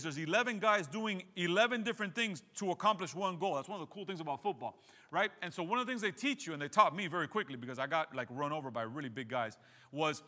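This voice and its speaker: A middle-aged man preaching a sermon as pastor, telling stories in a lively way and acting out scenes with sound effects. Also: sits high. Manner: animated storytelling, acts out scenes with sound effects. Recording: long reverb of a large hall.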